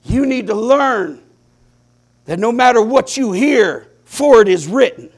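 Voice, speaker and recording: High-voiced, gravelly slow preacher man. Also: animated. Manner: impassioned, swings between hushed lows and loud climaxes; slow, deliberate preaching with drawn-out phrases. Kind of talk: sermon.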